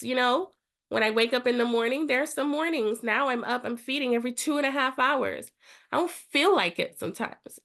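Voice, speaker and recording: A woman's voice: on the high side, gravelly, a bit bright. A young woman talking in an earnest, motivational way in a casual chat. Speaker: reality show contestant.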